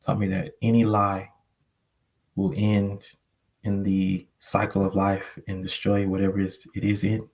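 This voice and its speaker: Man, panel guest. Deep, flat, gravelly voice; rambling, reflective storyteller. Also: unhurried, rough recording. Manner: rambling, reflective, many fillers. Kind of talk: personal storytelling on a live panel. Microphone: online call microphone.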